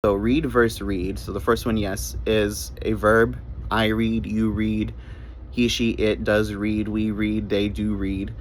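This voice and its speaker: Low-voiced man teaching English grammar. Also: flat delivery, measured pace, background noise. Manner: spells words out letter by letter, repeats key points. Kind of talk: short grammar lesson.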